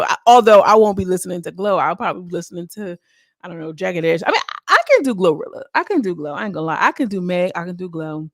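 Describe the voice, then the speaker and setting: A woman's voice: medium pitch, expressive, quick pace, no room sound, clean studio sound. A young woman recapping a reality TV episode in a chatty, slang-filled way, acting out what people said. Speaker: reality TV reviewer.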